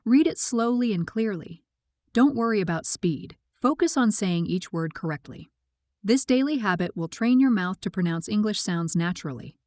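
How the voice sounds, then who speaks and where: A woman narrating a scripted English pronunciation lesson, speaking slowly with clear, careful articulation. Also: medium pitch, animated, a little mellow, dry recording. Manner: slow, clear, carefully articulated teaching delivery.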